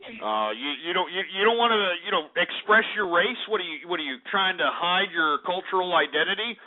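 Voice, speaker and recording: A man's voice: high-pitched, expressive, a little fast. A man from Texas hosting call-in talk radio, brash, mocking and profane. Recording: tinny phone-like line.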